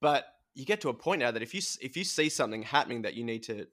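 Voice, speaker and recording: Australian male podcast host, bright tone, animated storyteller. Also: mid-range voice, fast. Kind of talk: casual chat.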